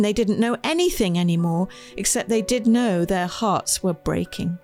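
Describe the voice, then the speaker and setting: The author, a woman with a medium pitch, reads her children's storybook aloud at a moderate pace. Her delivery is gentle and expressive, and faint music plays underneath.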